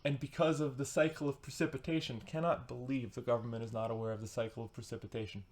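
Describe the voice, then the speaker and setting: A man's voice: mid-range voice, steady tone, fast talker, darkish tone. A man giving a casual, sarcastic and rambling book review as a vlogger, with comic asides.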